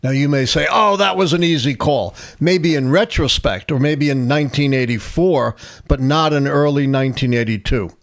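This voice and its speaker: A man's voice: mid-range voice, moderate pace. Older man telling a vivid anecdote. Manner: animated anecdotal storyteller, acts out quotes. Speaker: host, historian. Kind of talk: live election stream storytelling.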